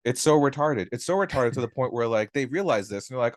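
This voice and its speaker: A man's voice: medium pitch, expressive, fast, few pauses, no echo, studio quality. A man co-hosting a casual podcast, ranting animatedly with frequent laughter and free swearing. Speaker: podcast co-host. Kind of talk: casual chat, comedic rant.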